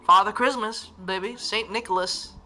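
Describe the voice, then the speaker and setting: A young Northern Irish woman hosts a livestream, chatting casually and reading out viewer comments in a giggly, rambling way with many restarts. Her medium-pitched voice moves at a moderate pace and sounds bright and forceful, with a slight hiss or hum in the background.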